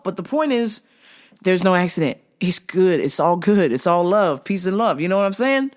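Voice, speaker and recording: Lively woman host, casual storyteller, swings her pitch widely. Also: normal speed. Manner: animated, swears freely, acts out voices. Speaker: show host.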